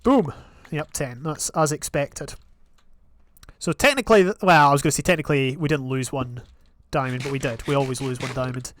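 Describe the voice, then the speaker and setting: A man's voice: mid-range voice, fairly quick. Chatty young man narrating his gameplay. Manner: chatty, rambling, with sudden excited outbursts. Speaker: gaming channel host. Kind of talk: casual gameplay commentary.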